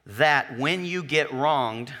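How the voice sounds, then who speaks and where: Bright-voiced, joking preacher man. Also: medium pitch, takes it slowly. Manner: conversational, joking, asks the congregation questions. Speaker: pastor. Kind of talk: sermon.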